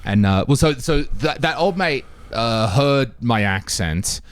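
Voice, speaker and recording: An Australian man tells a joking story as a podcast co-host. His pitch rises and falls a lot, and his voice is smooth and clear. The recording is dry and close, made in a home. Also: expressive, measured pace, no echo. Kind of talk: casual chat. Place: home, indoors.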